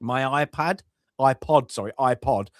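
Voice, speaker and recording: Halting, exasperated man, dry close sound. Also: mid-range voice, dry recording. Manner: halting, restarts and repeats words while ranting; exasperated, animated dislike. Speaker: film review podcast co-host. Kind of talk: casual chat.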